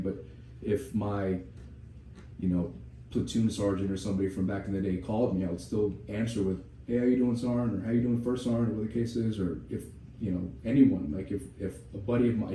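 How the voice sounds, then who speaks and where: In a warm voice on the low side, a man co-hosting a podcast spins a meandering, foul-mouthed story thick with "you know" asides. It's casual storytelling, captured by a far-off mic in a roomy room with a faint hum in the background.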